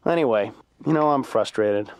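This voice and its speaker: A man doing a sarcastic stand-up routine as a patient, animated and acting out the voices he quotes. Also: on the low side, normal speed, no echo, studio quality. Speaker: comedian as patient.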